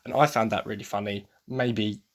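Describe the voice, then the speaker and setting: An English podcast host from England, sounding tired, gushes in a rambling, enthusiastic way while hosting a casual solo review. His voice is fairly low with fairly even intonation, at a normal speed.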